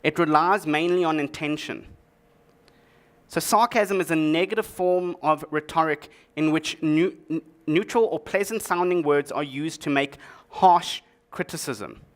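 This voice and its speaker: On a conference stage before an audience, a man presents a tech talk in an unhurried, high-leaning voice. His humor is dry, and he keeps slipping in sarcastic asides.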